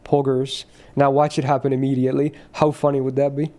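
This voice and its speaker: Male streamer, casual rambling chat, mid pitch, loose and sweary. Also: flat delivery, a little fast, mellow. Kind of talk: casual chat while gaming.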